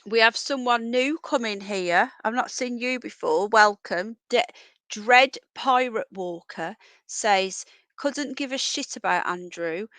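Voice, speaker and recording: A chatty woman hosts a casual livestream from home, talking straight to her viewers. Her voice sits fairly high, and she keeps breaking into a shrill singsong to call her pets. The sound is close and dry, picked up by an earphone mic. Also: slow pace, fairly bright tone, no echo. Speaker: livestream host. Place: home, indoors.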